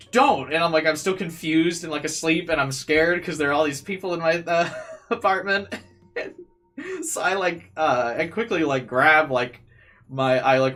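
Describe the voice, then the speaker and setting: A young man telling a personal story in a casual stream chat, animated and full of fillers and swearing. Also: fairly high pitch.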